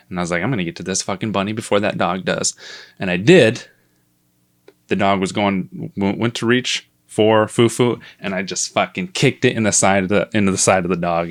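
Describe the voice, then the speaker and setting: A young man telling a personal story in a casual vlog, animated and self-mocking, swearing often. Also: lowish voice, smooth.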